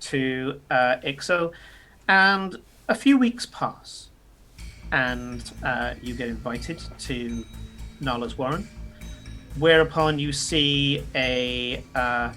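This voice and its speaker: A man's voice: medium pitch, takes it slowly, sharp tone, faint music behind. A man narrating a tabletop role-playing game as game master, descriptive and full of fillers.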